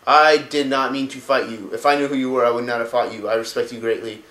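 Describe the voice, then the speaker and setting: A man's voice: mid-range voice, fairly even intonation, fast, a bit bright, roomy sound, natural voice, poor audio. A man doing a cocky young orc chieftain. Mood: startled. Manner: cocky, swaggering, profane.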